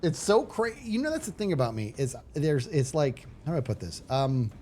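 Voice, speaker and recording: A man chats on a live game stream, thinking out loud and teasing himself as he plays. His pitch jumps around a lot. Quiet background music runs underneath. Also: big pitch swings, moderate pace. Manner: rambling, self-mocking, thinks aloud. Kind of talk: live gaming stream chat.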